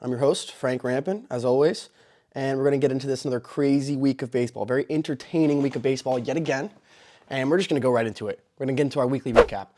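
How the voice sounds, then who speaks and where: A young man hosting a sports show, recapping a baseball brawl with excitable commentary and loud exclamations. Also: medium pitch, fast, a little hiss or hum. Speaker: host.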